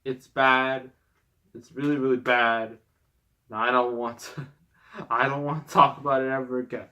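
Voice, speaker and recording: A man's voice: medium pitch, fairly even intonation, moderate pace, pushed and bright, muffled recording, slight background noise. A man hosting a casual movie review rant, exasperated and rambling, often breaking into laughter. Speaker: movie reviewer, host of the show.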